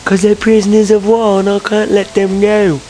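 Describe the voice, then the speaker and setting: A man's voice: high voice, monotone, moderate pace, dark tone, low-quality recording. A man commenting casually while playing a video game, frustrated and swearing a lot. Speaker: let's-play gamer.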